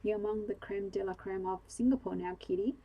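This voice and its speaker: A woman reading a snobbish society lady's lines in a storybook, in her own low, husky voice. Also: fairly even intonation, a little fast, lo-fi sound, lightly acted. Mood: proud.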